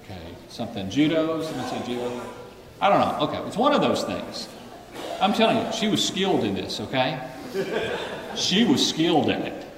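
A man preaching a sermon to a congregation, animated, acting out the people of the story. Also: medium pitch, moderate pace, roomy sound, big-room sound, recorded from a distance, a crowd in the background, poor audio. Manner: animated, acts out voices of the story characters. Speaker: pastor.

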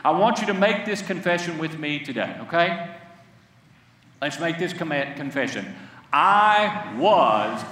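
Male pastor, high animated voice, impassioned sermon with call-and-response, distant in echoey church hall. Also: measured pace, slight background noise. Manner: impassioned, repeats lines for the congregation to echo. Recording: echoey hall, heard from far off.

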